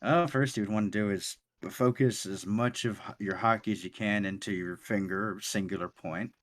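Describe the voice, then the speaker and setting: Man doing a laid-back male mentor NPC in a tabletop game, lowish voice, chatty and halting. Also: close to an everyday voice. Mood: explaining. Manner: easygoing, chatty, with halting restarts. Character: friendly male fighter teaching a secret technique. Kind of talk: tabletop role-play voicing.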